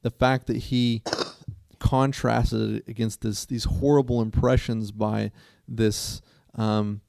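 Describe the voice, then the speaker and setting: A man's voice: mid-range voice, flat delivery, slow, vocal fry, darkish tone, no echo, studio quality. A man co-hosting a casual talk show who tells stories in an earnest, rambling way. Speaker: co-host. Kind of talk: casual chat.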